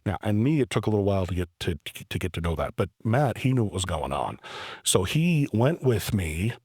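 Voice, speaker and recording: A man in his forties tells a story on his own podcast, and he is open about his own embarrassment. His voice sits fairly low and sounds dry, with almost no room around it. He jumps into his younger self's lines with rising energy and stumbles over his restarts. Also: a little fast, breathy edge, no echo. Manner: animated, self-deprecating storyteller who acts out his own past lines; stammering restarts. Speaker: podcast host. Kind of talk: personal storytelling monologue.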